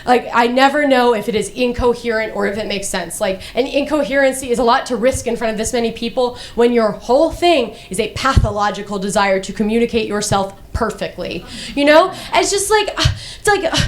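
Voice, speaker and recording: A woman's voice: on the high side, brisk, hardly any pauses. A young woman performing a stand-up monologue, rambling and profane, full of "like" fillers and restarts, darkly mocking herself. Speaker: comedian.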